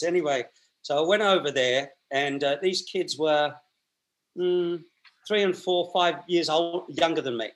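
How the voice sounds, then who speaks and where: A man's voice: on the high side, measured pace. A man, telling long stories as an interview guest and often restarting and repeating his words. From Australia. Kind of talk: storytelling in a conversational interview.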